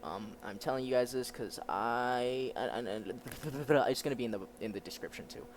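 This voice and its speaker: Young guy rambling after a manga read, soft and trailing off, mid pitch. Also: normal speed, a little hiss or hum. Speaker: manga reader on a channel. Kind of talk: casual chat.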